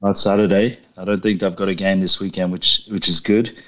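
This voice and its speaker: Male guest on a call-in, relaxed, lowish voice. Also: a little fast. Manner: easygoing, laughs, says mate often. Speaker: guest calling in. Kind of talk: casual chat on a call.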